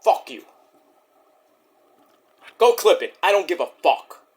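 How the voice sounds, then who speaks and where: A man's voice: high-pitched, very animated, takes it slowly. A male wrestling vlogger in an angry, profane rant, combative and repetitive.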